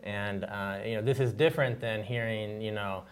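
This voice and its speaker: A man's voice: fairly low pitch, normal speed, smooth. A man, a doctor co-hosting a casual medical chat, explaining plainly with fillers and the odd joke. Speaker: doctor and co-host.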